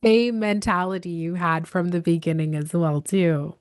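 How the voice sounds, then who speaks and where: A woman's voice: on the low side, steady tone, moderate pace, a little mellow, clean tone, dry recording, studio quality. A woman hosting a podcast interview, encouraging her guest with frequent backchannel murmurs. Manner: encouraging, many backchannel "mm-hmm"s. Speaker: podcast host. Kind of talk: casual interview talk.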